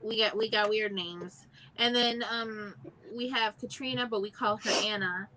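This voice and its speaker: A woman in a casual group chat, speaking hesitantly with many ums and pauses. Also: mid-range voice, steady tone, pushed and bright, slight background noise, low-quality recording.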